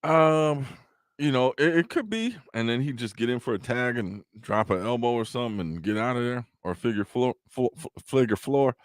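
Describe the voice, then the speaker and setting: A man's voice: mid-range voice, lively intonation, moderate pace, no room sound, studio quality. A man co-hosting a radio show, sounding tired and speaking in a loose, laid-back, slangy way. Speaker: radio co-host. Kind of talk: casual radio chat.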